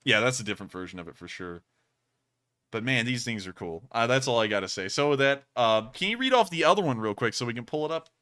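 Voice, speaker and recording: A man hosting a casual livestream, answering donations and reacting with excitable, rambling chatter full of fillers. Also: medium pitch, quick pace.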